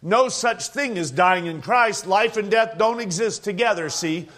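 A man in his sixties with a high voice preaches in a homespun storytelling way. He uses plain country grammar and chuckles often as he talks. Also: measured pace, a bit bright. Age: 60s. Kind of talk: storytelling sermon.

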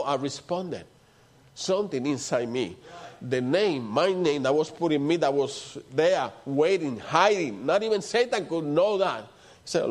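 A man preaches with fervent, emphatic conviction. His voice sits a little high for a man, and it swings between raised passages and hushed ones. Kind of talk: sermon.

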